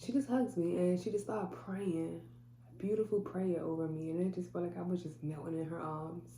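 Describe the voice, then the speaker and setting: A woman's voice: on the low side, steady tone, normal speed, warm tone. A woman telling a personal story to camera in an earnest way, acting out what others said. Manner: earnest, quotes people in dialogue. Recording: echoey room with faint hum.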